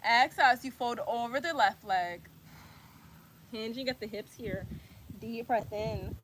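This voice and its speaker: A yoga instructor with a slightly high, somewhat bright voice leads a class at an unhurried pace, calling out breaths and poses while doing them herself. She's a little out of breath, encouraging and casual, with slight background noise.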